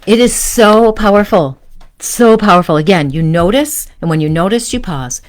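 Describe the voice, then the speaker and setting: A woman hosting a live spiritual teaching stream, speaking in a gentle coaching way and often checking in with "right?" and "okay?". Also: medium pitch, animated, normal speed. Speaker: host.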